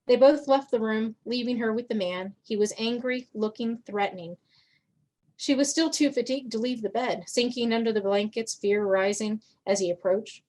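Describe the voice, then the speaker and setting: A woman reads her own story aloud at a steady, measured pace. Her voice sits a little high. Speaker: course graduate reading her story.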